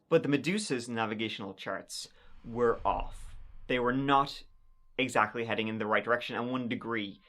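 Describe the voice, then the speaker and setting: A man's voice: medium pitch, moderate pace, pushed and bright. A man narrating history in a casual, conversational storytelling style with wry, sardonic asides.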